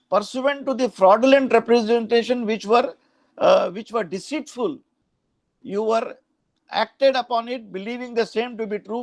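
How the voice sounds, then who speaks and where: High-voiced Indian man lecturing on law. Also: no echo. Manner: explanatory, frequent "huh?" and "uh" asides, mixes in Hindi phrases. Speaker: law professor.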